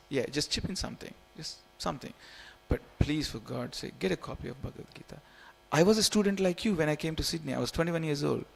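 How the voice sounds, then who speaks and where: A man's voice: on the high side, vocal fry. A man in his forties, originally from India, giving an informal, jokey scripture class in a temple hall, repeating phrases and coaxing his listeners. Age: 40s. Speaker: temple speaker.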